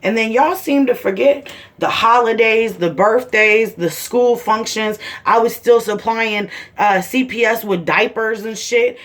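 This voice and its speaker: A woman's voice: a little high, measured pace, hardly any pauses, a bit bright. A mother of seven ranting to the camera in a heated, blunt way, swearing constantly. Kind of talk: angry personal video rant.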